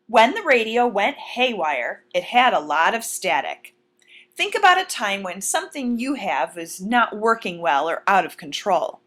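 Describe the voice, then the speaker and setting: A woman teacher walks through vocabulary words in a recorded lesson, speaking clearly and deliberately. Her pitch rises and falls a lot as she explains, and she keeps turning to her students with questions. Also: fairly bright tone.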